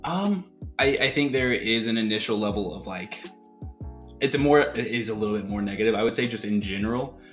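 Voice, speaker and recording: A man's voice: lowish voice, lively intonation, a little fast, fairly bright tone, echoey room, faint music behind. An American man, a guest, chatting casually with lots of filler words. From USA. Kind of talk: casual chat.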